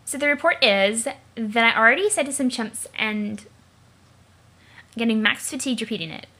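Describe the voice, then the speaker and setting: A woman's voice: on the high side, moderate pace. Woman playing a tipsy bubbly teen girl. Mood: chatty. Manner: loud, slangy, swearing, rambling. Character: tipsy, bubbly teenage girl, chatty and slangy.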